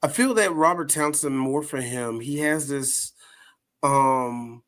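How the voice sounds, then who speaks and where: A man in his thirties co-hosting a podcast, chatting casually and animatedly, laughing often. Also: takes it slowly. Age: 30s. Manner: animated, laughs often, jumps into high mocking voices. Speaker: podcast co-host. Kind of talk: casual chat.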